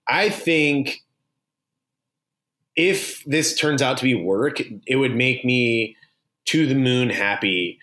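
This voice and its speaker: A man's voice: medium pitch, expressive, slow pace, long pauses, pushed and bright. A man co-hosting a podcast, talking bluntly and swearing freely in casual chat. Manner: blunt, profane. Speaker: podcast co-host.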